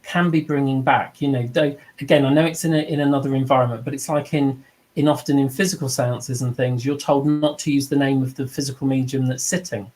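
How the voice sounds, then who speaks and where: A man with a medium-pitched, darkish voice teaches trance mediumship on a video call, talking briskly with fairly even intonation. His teaching is conversational and repetitive, built on personal stories in which he performs the voices he quotes.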